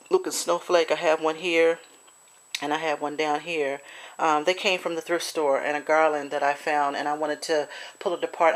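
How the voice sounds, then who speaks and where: A woman chatting her way through a handmade craft project with many fillers and restarts, now and then apologetic. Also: on the low side. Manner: gets emotional and apologetic. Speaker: crafter showing a swap project. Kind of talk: casual show-and-tell craft video.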